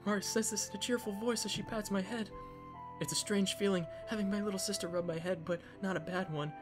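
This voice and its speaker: A man's voice: sits high, fairly even intonation, a little fast, music in the background. A man reading a visual novel aloud in a dramatic way, slipping in joking asides. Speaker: game narrator.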